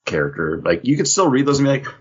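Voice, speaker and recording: A man's voice: mid-range voice, sing-song, fast talker, breathy edge, highs cut off. A man co-hosting a casual comics podcast, rambling with lots of fillers and joking asides. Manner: rambling, filler-heavy, jokey. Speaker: podcast co-host.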